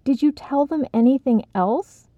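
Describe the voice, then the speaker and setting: A woman's voice: medium pitch, animated, vocal fry, dry recording. A woman voicing an impatient, demanding young man in a storybook reading. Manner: brisk, frustrated. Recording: slightly dull, dry recording.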